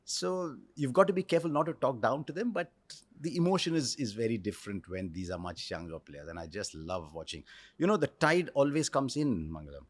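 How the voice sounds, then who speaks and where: A man in his sixties with an Indian English accent, telling stories in a reflective interview with measured pauses. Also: medium pitch, lively intonation, dry recording. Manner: articulate storyteller, measured pauses. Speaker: cricket commentator, interview guest.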